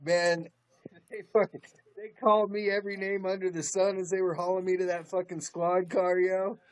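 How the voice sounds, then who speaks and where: A young man with a fairly high voice talks in a relaxed, profane way, retelling an old run-in and chiming in with quick yeps. It is easygoing storytelling among friends. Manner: laid-back, profane, agreeing with short yeps. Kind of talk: casual storytelling chat.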